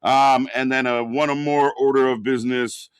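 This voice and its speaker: A man in a mid-range voice chats casually on a live wrestling stream. He backs up his co-host with quick agreements and explains the viewers' points game. The sound is dry and close. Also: medium pitch, fairly even intonation, smooth, no room sound. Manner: agreeable, backs up co-host with short replies, runs chat points contest.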